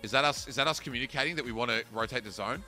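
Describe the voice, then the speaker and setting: A man giving live commentary to his chat while playing a tournament match, excitable, swearing and yelling at opponents. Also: medium pitch, rapid-fire, faint music behind. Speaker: streamer playing a battle royale tournament.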